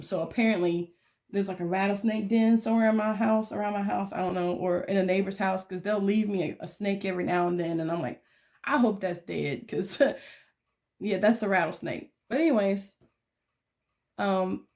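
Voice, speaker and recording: A young woman with a Southern US accent, chatting animatedly through a casual storytime while crafting and mimicking beeping sounds in squeaky bursts. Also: creaky, a little mellow. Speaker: craft vlogger.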